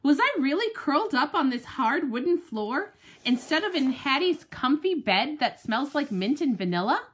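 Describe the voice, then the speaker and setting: A woman reading a children's storybook aloud with animated, dramatic expression, telling it as the dog. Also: sits high, moderate pace. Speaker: audiobook narrator.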